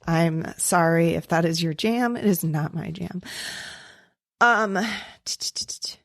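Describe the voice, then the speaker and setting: A woman's voice: lowish voice, unhurried, no room sound, clean studio sound. A young adult woman co-hosting a podcast in casual chat, reading out listener stories with rambling, swearing asides. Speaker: podcast co-host.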